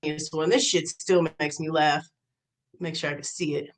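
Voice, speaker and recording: A woman's voice: low voice, fairly even intonation, moderate pace, rough recording. A woman live streamer in a profane, mocking rant, reacting to clips and messages. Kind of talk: ranting commentary.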